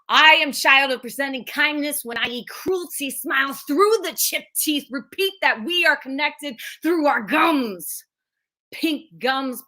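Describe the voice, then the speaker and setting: A woman slam poet performing spoken word in a measured, intense, lyrical way over a video call. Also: high-pitched, pushed and bright.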